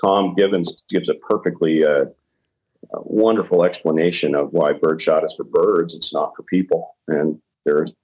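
Blunt older man, low husky voice. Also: steady tone, moderate pace, lo-fi sound. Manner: blunt, frank, with hesitant fillers. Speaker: retired ER doctor guest. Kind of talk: casual podcast conversation.

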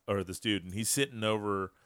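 A man hosting a casual podcast, telling a bar story in a loose, profane, animated way. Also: lowish voice, a little fast, clean tone, dry recording, studio quality. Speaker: podcast host.

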